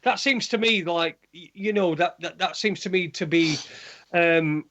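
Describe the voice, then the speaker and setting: A man's voice: sits high, measured pace, bright, forceful tone, muffled recording. A man in casual conversation, talking hesitantly and repeating his words as he builds a point. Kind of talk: casual chat.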